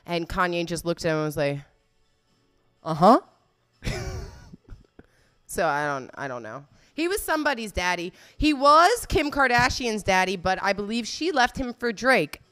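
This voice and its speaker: A woman's voice: mid-range voice, animated, moderate pace, fairly bright tone, smooth. A woman giving casual, blunt and profane commentary, laughing often as she reacts to a video.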